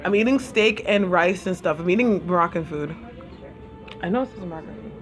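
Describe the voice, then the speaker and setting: A woman's voice: lowish voice, expressive, fairly quick. A woman with a Caribbean accent hosting a casual live stream, chatting and eating while she answers viewers' comments. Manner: chatty, eats while talking, reads viewers' comments aloud. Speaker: livestream host.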